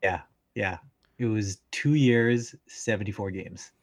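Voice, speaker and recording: A man's voice: on the low side, takes it slowly, no echo, clean studio sound. A man co-hosting a casual sports podcast, easygoing and thinking aloud as he makes picks. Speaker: podcast co-host.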